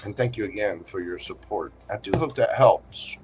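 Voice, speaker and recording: A man's voice: lowish voice, moderate pace, darkish tone, soft background music. A man with a Southern accent hosting a livestream tarot reading, talking in a folksy, joking and reassuring way. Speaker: tarot reader and livestream host.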